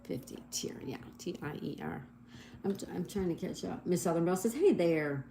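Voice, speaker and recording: A woman's voice: lowish voice, lively intonation, normal speed, vocal fry, warm tone, a little hiss or hum. A middle-aged woman hosting a casual livestream, reading out viewer comments and spelling crossword answers letter by letter in a cheerful, chatty way. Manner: apologetic over slips. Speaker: livestream host.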